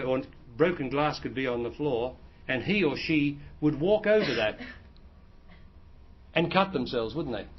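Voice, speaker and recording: A husky, slightly high male voice comes through a dull lo-fi recording. He's a spiritual teacher handling audience questions in a plain, explanatory way, often restarting what he's saying.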